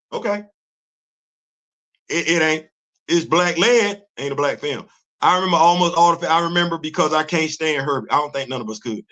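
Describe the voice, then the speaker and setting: A man hosting a casual live-stream commentary, animated and rhetorical, laughing often as he talks. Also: fairly high pitch. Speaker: host.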